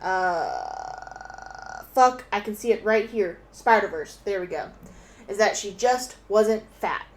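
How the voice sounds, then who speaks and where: A young woman chatting casually at home as a stream guest, excitable and swearing freely, sometimes bursting into loud laughing shouts. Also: medium pitch, takes it slowly, gravelly. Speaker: guest co-host on an art stream. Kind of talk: casual chat.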